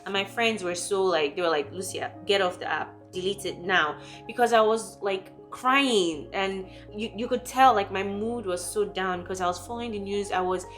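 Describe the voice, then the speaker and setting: A young woman from Nigeria, talking candidly and emotionally in a personal vlog, quick and full of fillers. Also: mid-range voice, faint music behind. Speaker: vlogger.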